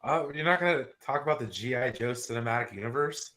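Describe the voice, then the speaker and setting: Wry male panelist, mid-pitched voice. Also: animated, fast, crowd noise. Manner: wry, hesitant with filler ums. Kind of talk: casual group chat.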